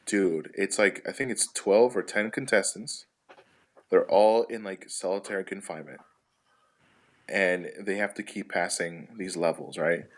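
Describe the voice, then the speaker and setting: A man with a lowish voice chats casually on a comedy podcast. He spins long, rambling stories full of swearing. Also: measured pace. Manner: rambling profane storytelling. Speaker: podcast participant.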